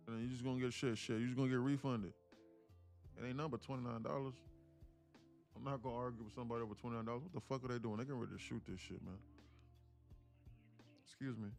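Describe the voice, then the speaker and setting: A man with a New York accent talks through a live day-trading stream in a casual, off-the-cuff way. His speech is loose and profane, full of street slang, and he repeats phrases in chant-like runs. His voice sits at an ordinary male pitch, with faint music playing underneath. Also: creaky. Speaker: day-trading livestream host.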